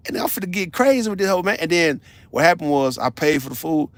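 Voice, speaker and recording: A man, ranting on a casual livestream in a blunt, profane, animated storytelling way. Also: high-pitched, fast, hardly any pauses, no echo. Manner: blunt, confrontational.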